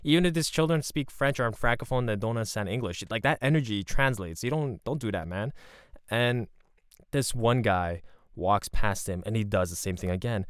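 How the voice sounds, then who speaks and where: A man telling a rambling, profane story in a casual, animated way. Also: fairly low pitch, moderate pace, clear, resonant tone, no room sound, studio quality.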